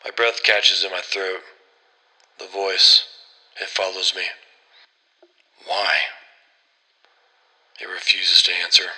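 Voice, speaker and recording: A man's voice: deep voice, flat delivery, takes it slowly, long pauses, pushed and bright, poor audio. A man narrating a horror story in a grim, terse first-person voice.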